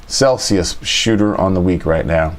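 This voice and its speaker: A man's voice: deep voice, a little slow. A man hosting a casual livestream chart review, thinking aloud, repeating his phrases and talking to his chat. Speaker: trading show host.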